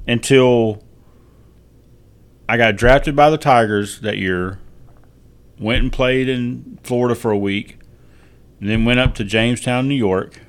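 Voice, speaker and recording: A man's voice: medium pitch, unhurried, pauses often. A middle-aged Texan man with a Southern accent, co-hosting a casual family podcast chat and telling laid-back anecdotes. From Texas. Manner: laid-back storyteller, chuckles through anecdotes. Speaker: podcast co-host.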